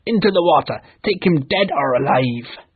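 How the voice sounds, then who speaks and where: Man doing a vicious shouting pirate captain. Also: mid-range voice, very animated, drawn-out words, gravelly, slightly rough, narrow, tinny audio, heavily acted. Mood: savage. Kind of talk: storybook reading for learners.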